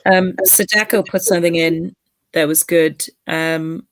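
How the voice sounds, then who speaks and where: Woman on a podcast, lower voice, easygoing chat, dry sound. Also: fairly even intonation, measured pace, no room sound. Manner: agreeable, short backchannel replies. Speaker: podcast co-host. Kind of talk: casual chat.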